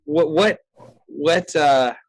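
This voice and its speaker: Brief: male podcast host and filmmaker, slightly high voice, loose rambling chat. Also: extremely slow. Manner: rambling, with many fillers and restarts. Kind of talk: casual chat.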